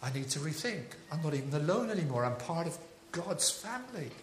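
Male preacher, fairly high voice, chatty storytelling sermon, echoey hall, faint background hum. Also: fairly quick. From England (Devon). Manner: chatty, anecdotal, with animated rises.

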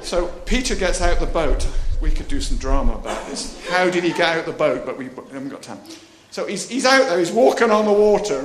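Jokey preacher in an echoey hall. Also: male voice, high voice, lively intonation, unhurried, a crowd in the background. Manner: jokey, chatty, laughs while preaching, acts out voices. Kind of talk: lively sermon. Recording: echoey room with faint ambience.

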